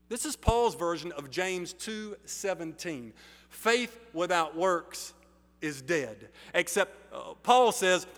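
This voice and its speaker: Man preaching a sermon, slow and measured, bright forceful voice, long sanctuary reverb. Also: high voice, expressive. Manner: slow, deliberate preaching with emphatic pauses. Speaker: pastor. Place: church sanctuary.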